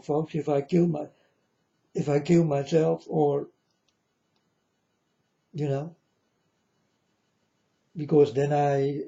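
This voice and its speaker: A man in a rambling monologue to his viewers, earnest and repetitive, with halting non-native phrasing. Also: fairly high pitch, gravelly, warm tone, highs cut off. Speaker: vlogger addressing viewers.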